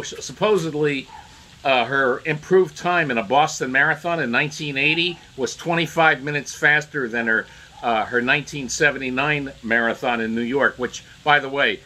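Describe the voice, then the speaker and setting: A man giving a casual political commentary monologue, halting and repeating words as he restarts sentences. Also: medium pitch, sharp tone, rough recording.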